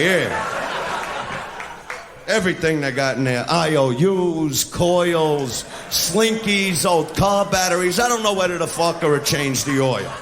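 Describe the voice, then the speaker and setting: A male stand-up comedian doing a crude, brash routine, shouting his punchlines live on stage. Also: fairly high pitch, lively intonation, unhurried, crowd noise. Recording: echoey live venue with laughing audience and noise. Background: audience laughter.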